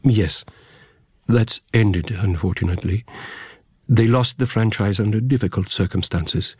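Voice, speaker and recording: A man reading the lines of a lean, courteous middle-aged father of three in a measured, polite way, close to his own voice. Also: fairly low pitch, a little mellow, slightly rough, dry recording. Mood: calm, polite.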